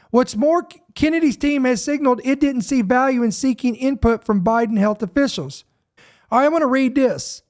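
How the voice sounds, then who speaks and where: A man's voice: very high voice, darkish tone. Emphatic man reading headlines. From Georgia, US. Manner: emphatic, slows down to stress key words; repeats himself, self-interrupting. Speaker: podcast host. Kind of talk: podcast commentary reading news headlines.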